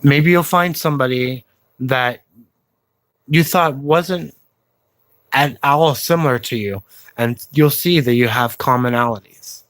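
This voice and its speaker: An earnest man addresses his video viewers at an unhurried, halting pace, pausing often and filling gaps with "um". His voice sits at an ordinary middle pitch. The sound is dry and close, with no room around it. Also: a bit bright, dry recording. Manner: slow, halting delivery with pauses and fillers; encouraging, plain-spoken. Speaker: YouTube vlogger. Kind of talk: slow earnest personal appeal to viewers.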